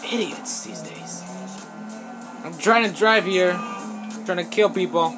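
A man giving casual let's play commentary, excitable and profane, yelling at the game. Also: sits high, takes it slowly. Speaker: gameplay commentator. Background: game music.

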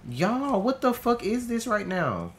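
A man streaming a horror game, talking to himself in casual, profane, excitable commentary. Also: high-pitched, a little slow, slight background noise. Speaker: gaming streamer.

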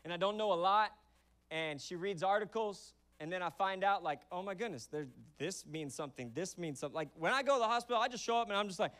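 A young adult man preaching a sermon in a church, conversational and animated, acting out quick bits of dialogue as he tells stories. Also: sits high, smooth. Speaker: pastor. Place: church auditorium.

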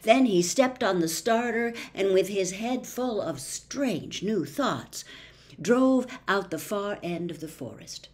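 A woman reading a children's novel aloud as narrator, expressive and unhurried. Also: medium pitch. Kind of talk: storybook read-aloud.

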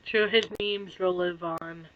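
A tired woman streamer in casual chat, soft-spoken and apologetic, yawning now and then. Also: fairly low pitch, steady tone, slow pace, lo-fi sound.

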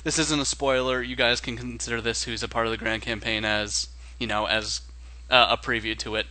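Bright-voiced rambling male podcast co-host. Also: mid-range voice, little pitch movement, fairly quick, poor audio. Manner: rambling, thinks aloud. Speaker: podcast co-host and game master. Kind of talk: casual podcast chat.

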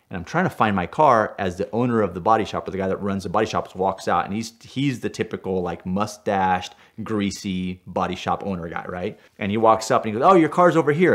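A man from Puerto Rico tells a car story with a somewhat low voice. He is animated and excitable, and he keeps checking in with "right?" as he builds the tension. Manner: excitable, tags lines with "right?", gets worked up as he tells it. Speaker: stunt driver telling car stories.

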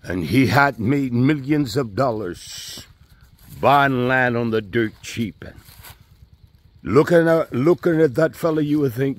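A man's voice: mid-range voice, lively intonation, slow pace, dry recording. A middle-aged man, a community leader, leading an enthusiastic walking tour outdoors on rural land and repeating himself as he goes. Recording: faint outdoor background noise.

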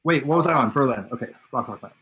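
Bright-voiced man in playful banter. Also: medium pitch, expressive, quick pace, breathy edge, faint music behind. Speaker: guest streamer. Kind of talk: casual gameplay livestream chat.

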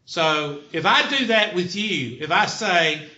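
Middle-aged man, Southern American accent, high bright voice, blunt folksy classroom lecture, lo-fi echoey room. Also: animated, slow pace. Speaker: college instructor.

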